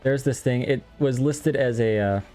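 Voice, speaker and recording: A man's voice: mid-range voice, normal speed, warm tone. A young man from Texas, a game streamer, chatting casually and self-deprecatingly with viewers as he plays. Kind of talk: casual live-stream chat while gaming. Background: faint game music.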